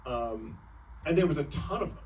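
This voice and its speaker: A man's voice: fairly high pitch, expressive, moderate pace, gravelly, a little mellow, distant mic, slight background noise, low-quality recording. A young man doing a stand-up comedy set, rambling and breaking off mid-sentence, laughing at his own jokes on a club stage.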